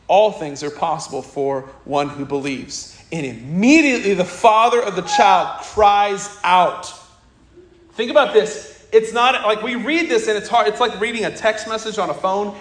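A man's voice: high-pitched, fairly bright tone, reverberant. A man preaching a sermon with passion, asking the congregation direct questions and crying out when he quotes the anguished father. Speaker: pastor.

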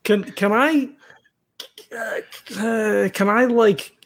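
A man's voice: high-pitched, drawn-out words, gravelly. A man taking part as a player in a tabletop game, talking casually with hesitant questions.

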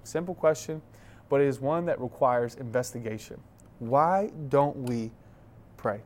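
A young man preaching a sermon, telling a playful story with lively delivery and short of breath. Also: mid-range voice, measured pace. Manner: animated, playful storyteller acting out scenes. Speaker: pastor.

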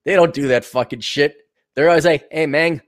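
A man's voice: a little high, a little fast. A man co-hosting a podcast in crude, joking casual chat. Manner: crude, joking, mimics accents. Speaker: podcast co-host.

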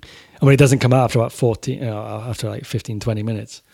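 A man's voice: mid-range voice, fairly even intonation, fast talker, vocal fry, warm tone, breathy edge. A man telling a casual story about touring with his band, swearing freely and acting out the quotes. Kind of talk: casual anecdote.

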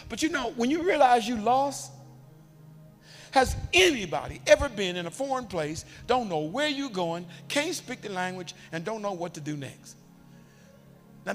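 A man preaching a sermon as bishop, animated and given to shouting for emphasis. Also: sits high, moderate pace, long reverb tail, soft background music.

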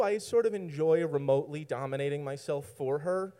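A man's voice: on the high side, normal speed, dark tone. Brief: male storyteller, loose and rambling, self-mocking humor. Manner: rambling, self-mocking, laughs at his own lines. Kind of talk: personal story told to an audience.

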